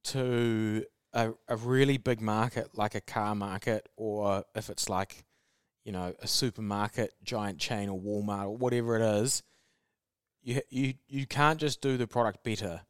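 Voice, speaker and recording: A man co-hosting a podcast, relaxed, adding short remarks and laughing along. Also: on the low side, a little slow, clean tone, no room sound, clean studio sound. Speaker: podcast co-host. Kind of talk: casual podcast chat.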